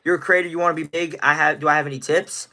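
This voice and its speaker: 19 yo guy from indiana streaming, bright kinda high voice, rambly, shouting out chat names. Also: steady tone, racing. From Indiana, USA. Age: teens. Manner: rambling, restarts, greets viewers by name. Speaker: livestreamer. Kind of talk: casual livestream chat reading comments.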